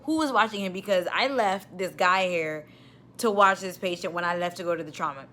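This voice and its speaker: Lowish and fairly quick, the voice belongs to a young woman with a New York accent who works as an ER nurse. In her casual vlog story she grows ever more exasperated, animated, with outbursts that keep rising.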